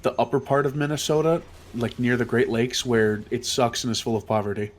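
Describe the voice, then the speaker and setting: A man's voice: medium pitch, fairly even intonation, brisk. A man playing the game and co-hosting, joking in a goofy, sarcastic way and swearing casually. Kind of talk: casual chat.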